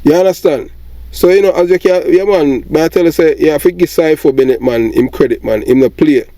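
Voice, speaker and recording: A man's voice: on the high side, fairly quick, mellow, dry recording. A middle-aged Jamaican man with a Jamaican accent, commenting in a rambling monologue and often asking "you understand?".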